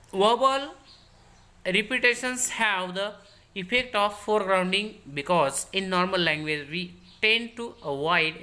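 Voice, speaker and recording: A woman teacher with an Indian English accent giving a recorded lecture, repeating key sentences slowly for her students. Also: medium pitch, sharp tone.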